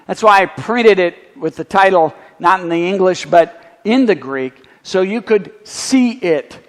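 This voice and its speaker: A male pastor preaches in a teaching sermon, walking through Greek words with a slightly raised pitch. He keeps dropping dry, wry asides as he explains. His voice rings out with the long reverb of a church sanctuary. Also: lively intonation, measured pace.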